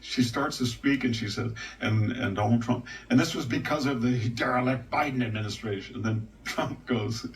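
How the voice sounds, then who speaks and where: An older man giving rambling, wry political commentary with a gravelly voice, now and then mocking others in their voices. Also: medium pitch. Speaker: guest commentator. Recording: distant mic with faint noise.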